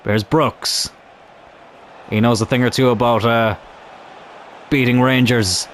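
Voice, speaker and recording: A young man commentating on his own football video game in a chatty, animated way, swearing mildly as he plays. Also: medium pitch, takes it slowly, slight background noise. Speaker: gaming YouTuber.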